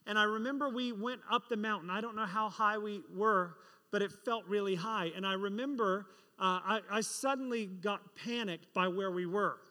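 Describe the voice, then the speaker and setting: Male preacher, high clear voice, storytelling sermon, long hall reverb. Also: normal speed, sharp tone. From England. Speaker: pastor.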